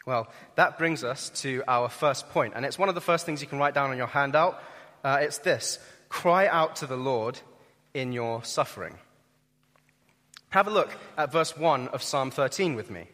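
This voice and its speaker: A young man preaches to a congregation in an earnest, emphatic sermon voice of middling pitch. His delivery swells for key points and drops low for the heavier moments. His voice carries the long reverb of a large hall. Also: normal speed, pushed and bright. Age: young adult.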